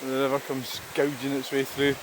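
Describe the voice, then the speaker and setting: A man from Scotland vlogs on a walk by a river, speaking at medium pitch in a monotone. His talk is casual and rambling, with the odd swear word, over the noise of a rushing stream.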